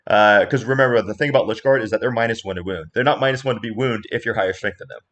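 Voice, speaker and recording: A man hosting a casual livestream chat, animated and chatty, laughing easily and explaining with confidence as a coach. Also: fairly low pitch, racing. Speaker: host and coach.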